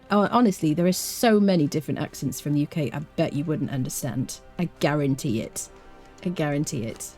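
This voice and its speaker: Chatty woman streaming a game, mellow voice. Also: low-pitched. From United Kingdom. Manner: chatty, talks to viewers in chat. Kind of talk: live-streamed gameplay commentary.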